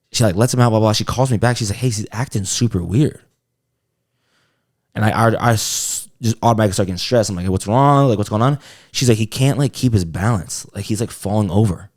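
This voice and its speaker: Young man, podcast co-host, low voice, mellow tone, rambling slangy storytelling, swears a lot. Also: no echo, clean studio sound. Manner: rambling, slangy and profane, with many fillers. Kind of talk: casual storytelling chat.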